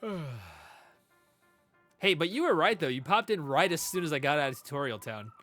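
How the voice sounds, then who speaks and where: A chatty male streamer talks through a game and to his chat, laughing easily. His voice is bright and fairly high, and his pitch moves a lot. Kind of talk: casual let's-play commentary.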